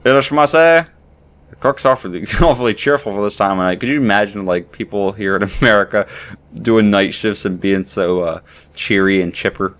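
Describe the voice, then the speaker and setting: A man's voice: lowish voice, brisk, a bit bright. A man giving casual, rambling commentary while playing a game and joking with viewers. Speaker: let's play commentator.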